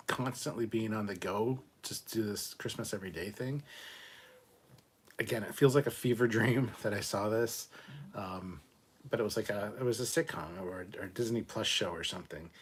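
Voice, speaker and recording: A man's voice: on the low side, husky. A man in his forties co-hosting a casual livestream, reading viewer comments aloud in a laid-back, offhand way with frequent fillers and some swearing. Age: 40s. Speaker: podcast co-host.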